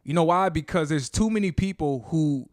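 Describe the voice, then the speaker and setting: A man co-hosting a casual podcast, talking animatedly and jumping into raised voices when he quotes people. His voice sits fairly high. The sound is dry and close, with no room echo. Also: expressive, normal speed. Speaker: podcast co-host. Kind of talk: casual debate chat.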